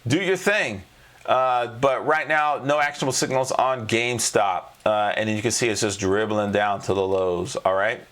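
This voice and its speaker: A man hosts a live trading show and talks viewers through stock charts. His delivery is animated and emphatic, and he keeps checking in with a quick "all right?". His voice has a bright, forward tone. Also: on the low side. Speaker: trading coach and show host.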